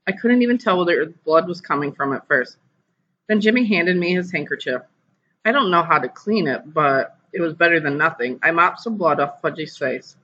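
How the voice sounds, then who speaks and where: A teacher reading a children's novel aloud to a class over a video call, lively and putting on voices. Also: mid-range voice, breathy edge, lo-fi sound. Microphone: computer mic on a video call.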